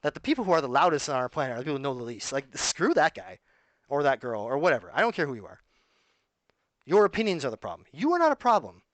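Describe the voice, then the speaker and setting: A man's voice: medium pitch, sing-song, quick pace, a bit bright, no echo. A man talking to his viewers in a rambling, urgent monologue, often repeating himself and pleading with them. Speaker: video blogger. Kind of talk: casual monologue to camera.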